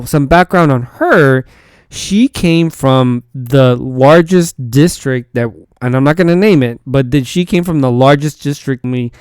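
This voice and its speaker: Rambling man with a smooth voice. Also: medium pitch, a little mellow, dry recording, clean studio sound. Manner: rambling storytelling with repeated false starts. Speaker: teacher and podcast host. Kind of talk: casual podcast monologue.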